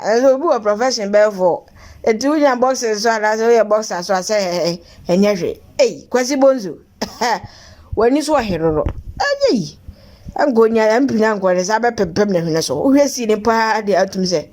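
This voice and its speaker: A woman's voice: on the high side, darkish tone. A woman presenting local news commentary in a chatty, teasing way.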